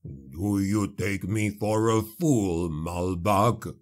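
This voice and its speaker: A man voicing a haughty, scheming dwarf king with slow, cutting speech. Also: low voice. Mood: scornful.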